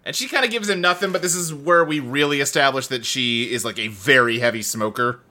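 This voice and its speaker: A man's voice: mid-range voice, brisk, bright, forceful tone. A man co-hosting a casual podcast chat, acting out scenes in funny voices, swearing and laughing often. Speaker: podcast co-host.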